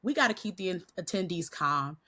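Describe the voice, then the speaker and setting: A woman's voice: on the low side, a little fast. A woman guest on a podcast, a Christian coach, animatedly telling a story with frequent laughs and a slightly nasal voice from a cold. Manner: animated, laughing often, acts out quotes. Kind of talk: casual storytelling interview.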